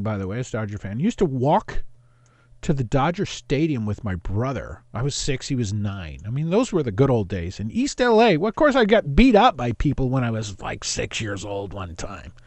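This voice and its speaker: A man's voice: mid-range voice, darkish tone, no echo. A man from East Los Angeles hosting a call-in talk radio show, rambling and jumping between topics.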